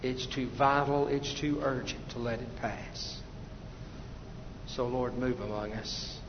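A male pastor preaching an evangelistic sermon, swinging from loud urgent appeals to hushed prayer. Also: mid-range voice, fairly even intonation, slow. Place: church sanctuary. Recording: dull echoey church hall recording with faint noise.

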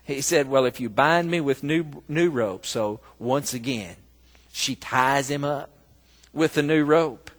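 A man preaching a sermon, telling a story slowly and breaking into loud, emphatic bursts. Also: mid-range voice. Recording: long reverb of a large hall.

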